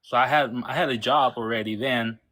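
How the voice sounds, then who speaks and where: A man who used to be a pastor, calling in to a casual chat and speaking hesitantly, with many pauses and fillers. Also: medium pitch, steady tone, bright, forceful tone. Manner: hesitant, full of "uh" and "you know". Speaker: caller, former pastor.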